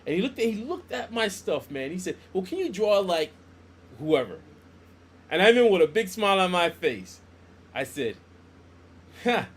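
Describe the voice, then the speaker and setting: A man's voice: high-pitched, fairly quick, slightly rough. A middle-aged man, a comic book artist, telling stories in a casual podcast chat and acting out the dialogue he quotes. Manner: animated storyteller who acts out quoted dialogue.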